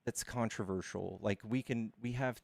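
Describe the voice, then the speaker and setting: A man debating a caller on his stream, arguing fast, cutting in and trailing off mid-sentence. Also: on the low side, fairly even intonation, creaky, darkish tone, dry recording. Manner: argumentative, quick to interrupt, trails off mid-sentence. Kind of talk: casual debate.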